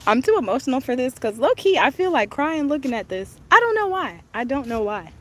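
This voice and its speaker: A woman's voice: sits high, sing-song, brisk, a bit bright. A young adult woman, gushing and chatty as she live-streams a walking tour of an outdoor park on her phone. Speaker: travel vlogger. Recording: outdoor noise, wind and ambience.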